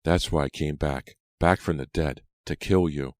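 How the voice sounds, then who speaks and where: A cruel teenage ghost girl taunts her victim in a mocking, gloating way, read by a man in his own very deep voice. The sound is dry and close to the mic, with no room around it. It plays like a horror audiobook. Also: normal speed, a little mellow, no echo. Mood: menacing. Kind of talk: audiobook character reading.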